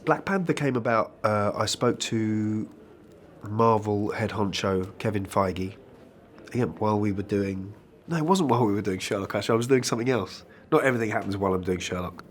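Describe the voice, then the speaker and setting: A man with a fairly low voice answers interview questions about his acting career. His delivery is loose and conversational, full of restarts and tossed-in asides. There is a faint hiss in the background. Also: a little fast. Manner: chatty and candid, with frequent restarts and asides like "you know".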